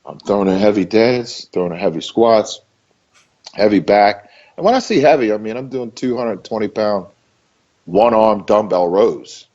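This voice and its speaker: Emphatic low-voiced man, dull lo-fi sound. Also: animated, normal speed, darkish tone. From Maryland. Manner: emphatic, repetitive, loose and conversational. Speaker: interview guest, bodybuilder. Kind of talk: casual interview talk.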